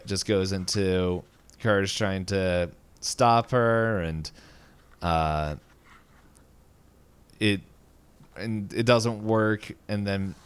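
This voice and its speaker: Podcast co-host, male, low and smooth voice, rambling casual recap full of fillers and chuckles. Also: fairly bright tone.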